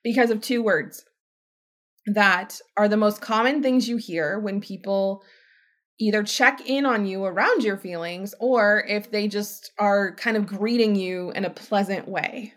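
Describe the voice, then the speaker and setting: A woman hosting a podcast as a healthcare provider, talking in a chatty, emphatic way and acting out quoted voices with big jumps in pitch. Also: a little slow, fairly bright tone. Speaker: podcast host. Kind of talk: casual podcast monologue.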